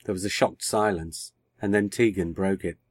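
Low-voiced guy reading a story, steady and measured, dry close mic. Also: no echo. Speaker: podcast short-story reader. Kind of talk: scripted narration.

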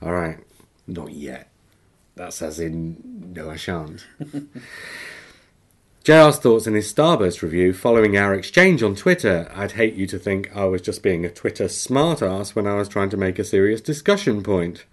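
A podcast host reading a listener's email aloud in casual chat, with chatty, self-mocking asides and easy laughter. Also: male voice, lowish voice, very animated, moderate pace.

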